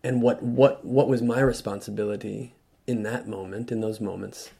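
A man as an interview guest, telling a personal story in a thoughtful, halting way with frequent restarts. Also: fairly low pitch, fairly even intonation, creaky, warm tone, husky. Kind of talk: reflective storytelling conversation.

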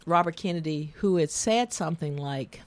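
A woman's voice: low voice, moderate pace, a little mellow, dry recording. A middle-aged woman with a Southern US accent, hosting a casual radio talk show and telling stories in a tangential, emotional way. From American South.

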